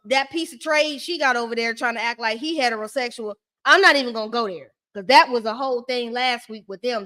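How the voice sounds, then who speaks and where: Sassy high-voiced woman ranting. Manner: sassy, shady, animated ranting. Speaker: reality TV recap host. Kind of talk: casual live-stream commentary.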